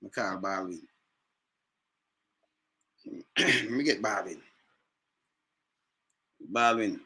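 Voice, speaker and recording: A man chatting casually in patois, telling animated stories with lively jumps in pitch. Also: very slow, pauses often, breathy edge. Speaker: speaker in a reggae scene video.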